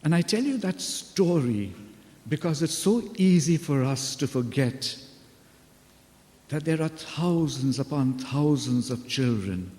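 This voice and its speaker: A man speaking slowly and warmly, telling stories in an earnest, unhurried way. His voice carries a long reverb, as if he were addressing students in a big school hall. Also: medium pitch. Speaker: religious brother giving a talk to students. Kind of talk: storytelling address.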